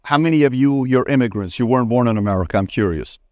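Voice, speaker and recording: Animated man speaking on a conference stage. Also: fast, no echo. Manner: animated, acts out dialogue with sudden pitch jumps; addresses crowd directly, asks for a show of hands. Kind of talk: live Q&A on stage, storytelling.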